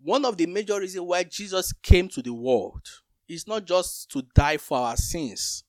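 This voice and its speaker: A man's voice: high-pitched, moderate pace, darkish tone, dry recording, clean studio sound. A man co-hosting a Bible teaching talk, explaining scripture with everyday comparisons.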